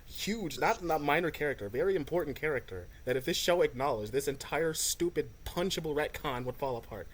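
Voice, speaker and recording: A host reacting to a cartoon episode, ranting in an animated way and laughing often. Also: medium pitch, brisk, hardly any pauses. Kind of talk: reaction video commentary.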